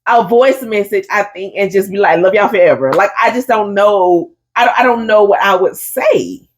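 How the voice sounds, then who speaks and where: A woman co-hosting a casual chat, telling stories with lively acted-out voices and calling her friend "honey.". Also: medium pitch, moderate pace. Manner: animated storyteller, acts out crowd voices, says "honey". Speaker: podcast co-host.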